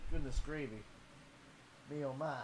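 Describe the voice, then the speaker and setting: A young adult man from Canada, chatting casually and jokingly on a livestream while unboxing, rambling and easily excited. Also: fairly high pitch, moderate pace, noisy background. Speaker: streamer.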